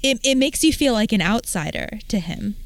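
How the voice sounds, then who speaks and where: Woman on a podcast, smooth clear voice, dry close mic, kinda thoughtful, says like a lot. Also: a little high, expressive, moderate pace, dry recording. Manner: thoughtful, hedging with likes. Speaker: podcast co-host. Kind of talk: casual chat.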